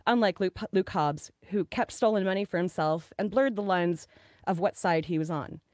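A woman making her case in a casual podcast debate, measured and deliberate. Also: on the low side, darkish tone, dry recording, studio quality.

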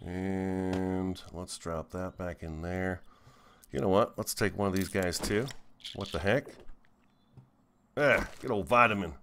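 A man's voice: deep voice, steady tone, takes it slowly, long pauses, a bit bright, a little hiss or hum. A man hosting a gaming video, chatting to his viewers as he plays. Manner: chatty, talks to viewers while playing. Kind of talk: let's play commentary.

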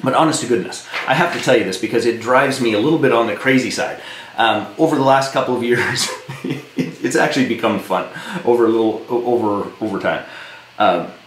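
A business coach from Saskatchewan, Canada, with a fairly low voice, gives a blunt, emphatic live-streamed coaching talk and swears when worked up. There's slight background noise, roomy echo and faint ambience.

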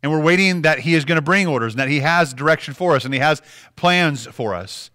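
A man's voice: a little high, animated, brisk, bright, forceful tone. A man in his thirties, a pastor, preaching a sermon in a church in a conversational way, often restarting phrases and checking in with the listeners. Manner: conversational, with frequent restarts and "right?" asides. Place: church sanctuary.

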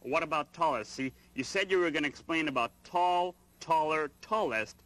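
A man's voice: fairly high pitch, moderate pace, a bit bright, close to an everyday voice. A man voicing a fussy, grumpy male puppet who gets exasperated easily.

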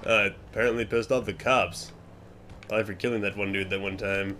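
A young man giving casual gameplay commentary, swearing often and muttering to himself, then yelling at other players. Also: on the low side, steady tone, fairly quick, slight background noise.

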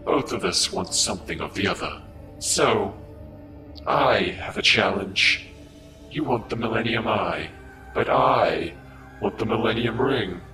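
A man playing a slow, smug castle villain. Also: on the low side, expressive, music in the background. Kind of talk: Minecraft roleplay.

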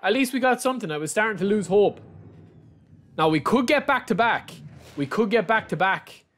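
A man's voice: high-pitched, animated, moderate pace, a bit bright. A man with an Irish accent commenting live on a stream while opening player packs, repeating his exclamations and calling his viewers lads. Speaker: game streamer.

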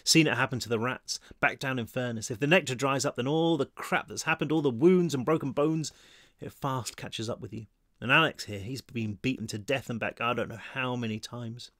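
A man's voice: medium pitch, brisk, a bit bright, no room sound, clean studio sound. A man voicing a scruffy, practical teenage boy who talks in a matter-of-fact, grim way.

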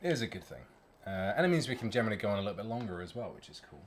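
A man's voice: lowish voice, very animated, racing, slight background noise. A man with a British accent, a band member chatting casually and thanking viewers on a live stream. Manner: chatty, thankful, laughs often. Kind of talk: casual chat.

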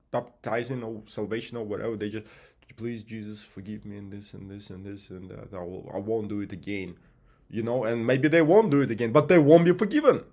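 Earnest high-voiced man rambling about faith. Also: fairly bright tone, slightly rough. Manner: earnest, rambling preaching with many restarts. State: tearful at times. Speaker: host. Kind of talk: casual monologue.

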